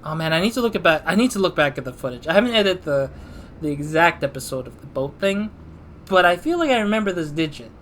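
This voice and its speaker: Man, casual game commentary, reads dialogue aloud, slightly high voice, faint noise. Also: big pitch swings, fast talker, a bit bright. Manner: reads all parts aloud, self-deprecating asides. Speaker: gamer reading and voicing dialogue. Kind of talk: casual let's play commentary.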